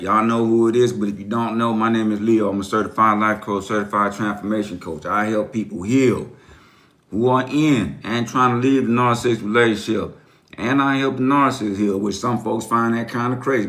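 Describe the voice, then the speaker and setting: A middle-aged man's voice, pitched on the low side with a bit of brightness. He hosts a casual livestream as a life coach, greeting viewers by name and repeating phrases the way a preacher would.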